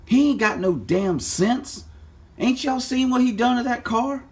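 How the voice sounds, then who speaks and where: A man's voice: very high voice, lively intonation, unhurried, voice pushed up. A man putting on a rowdy, slangy, trash-talking character who mocks the host, in a home workshop. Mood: mocking. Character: loud mouthy man mocking the host.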